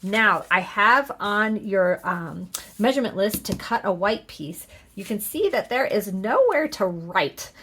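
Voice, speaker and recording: A middle-aged woman chatting her way through a card-making tutorial, upbeat and full of fillers and quick self-corrections. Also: medium pitch, big pitch swings, a bit bright, a little hiss or hum. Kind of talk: casual crafting tutorial.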